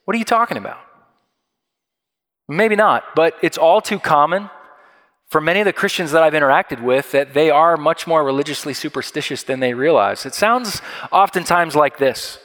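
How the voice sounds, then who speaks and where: Pastor, male, slightly high voice, animated storyteller, hall reverb. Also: moderate pace. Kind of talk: sermon.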